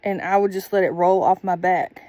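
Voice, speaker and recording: Blunt woman, mellow low voice. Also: steady tone, normal speed, no echo. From Southern United States. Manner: blunt, profane, candid. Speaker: storyteller. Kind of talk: casual storytime monologue.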